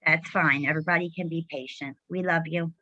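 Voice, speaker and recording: A middle-aged woman with a notably low voice hosts a casual chat over a video call, upbeat and encouraging. The sound is dry and close, with dull, lo-fi call audio. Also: fairly even intonation, brisk, pushed and bright, no room sound. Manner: encouraging, enthusiastic. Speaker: host.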